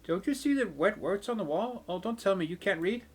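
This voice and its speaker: A man's voice: sits high, animated, a little fast, breathy edge, pitched above the performer's own voice, exaggerated voice. A man voicing a cheeky little street girl from a game, teasing and sassy.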